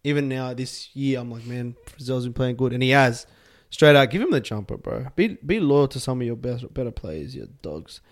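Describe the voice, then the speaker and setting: A young Australian man co-hosting a sports podcast, excitable and full of slang. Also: mid-range voice, moderate pace, few pauses. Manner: excitable, slangy, calls people bro. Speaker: podcast co-host. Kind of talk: casual sports chat.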